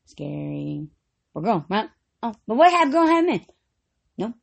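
A woman hosting a casual, profane chat, laughing constantly and swinging from loud to quiet. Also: mid-range voice, big pitch swings, a little slow, vocal fry. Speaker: podcast host.

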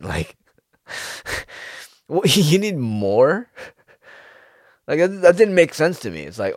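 A young man talking casually and rambling, with plenty of swearing. His voice sits at a middle pitch but jumps up sharply when he gets worked up. The sound is close and dry. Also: slow pace, long pauses, dry recording. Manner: animated, profane, rambling with sudden pitch jumps. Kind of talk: casual monologue.

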